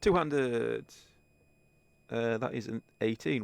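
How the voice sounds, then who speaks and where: A man's voice: on the low side, fairly quick, creaky, no echo. A man running a tabletop game as game master, laid-back and chuckling often.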